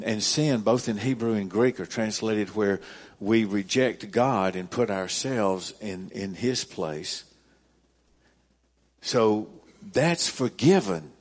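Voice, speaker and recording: Slow, low-voiced male pastor preaching. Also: darkish tone, breathy edge. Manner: deliberate, repeats key phrases for emphasis. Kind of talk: sermon. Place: church service.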